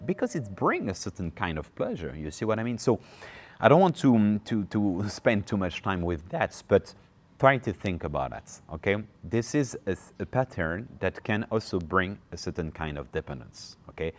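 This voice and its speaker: Low voiced guy giving a self-help talk, lively up and down delivery, keeps asking okay?. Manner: animated, frequent "okay?" checks, acts out little quoted voices. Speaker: personal development speaker. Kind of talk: informal talk to camera.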